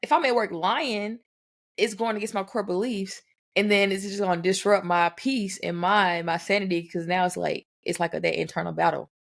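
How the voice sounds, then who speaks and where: A woman's voice: mid-range voice, fairly even intonation, moderate pace, gravelly. A woman hosting a casual podcast, speaking reflectively with trailing restarts as she thinks aloud. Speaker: podcast host.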